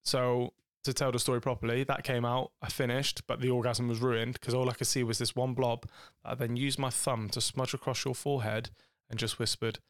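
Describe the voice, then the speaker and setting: A man co-hosting a casual podcast with his partner, telling jokey, rambling stories. His voice is gravelly with a fry at the ends of phrases. It sits at a middle pitch and is recorded close and dry, with no room sound. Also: little pitch movement, fairly quick, hardly any pauses, dry recording. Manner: joking, rambling storyteller. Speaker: podcast co-host. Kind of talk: casual couple's chat.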